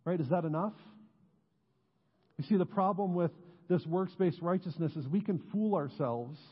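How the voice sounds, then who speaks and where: A man preaching a sermon as pastor, earnest, dropping low and slow on key words. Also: husky. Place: church sanctuary. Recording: muffled sound with long church reverb.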